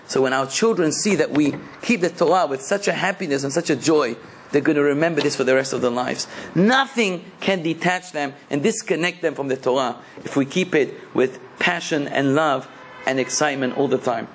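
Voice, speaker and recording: A man's voice: on the high side, slight background noise. A man, a rabbi, giving a sermon in a passionate, emphatic preaching manner.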